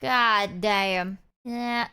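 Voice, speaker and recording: A woman's voice: mid-range voice, extremely slow, pushed and bright, a little hiss or hum. A young woman streamer chatting casually with her viewers, rambling and self-deprecating, swearing freely and acting out people she quotes. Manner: quotes people in exaggerated put-on voices.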